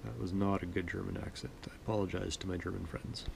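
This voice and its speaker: A man from Manitoba, Canada, chatting in a relaxed, rambling, self-deprecating way as host of his sewing vlog. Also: deep voice, fast, creaky, noisy background. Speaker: sewing vlogger. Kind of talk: relaxed casual chat.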